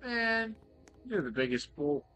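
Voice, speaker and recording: Jokey guy yelling through a game playthrough, kinda high voice, swears a lot. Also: takes it slowly, faint music behind. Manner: excitable, joking, swears freely. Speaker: gaming video creator. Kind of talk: playthrough commentary.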